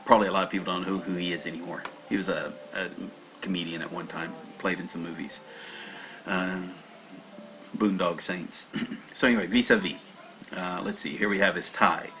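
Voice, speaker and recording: A man with a low voice and a bright, forceful edge walks through a livestreamed kanji study session. He talks loosely, full of fillers and restarts. A faint hiss of noise sits under his voice. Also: vocal fry. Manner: rambling, casual, many fillers and restarts. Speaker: language teacher.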